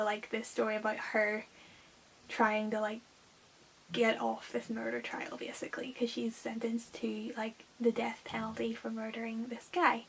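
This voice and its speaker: A woman's voice: a little high, vocal fry, low-quality recording. A young woman chatting casually about books she read, with lots of filler words. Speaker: book vlogger. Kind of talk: casual book review chat. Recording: faint hiss.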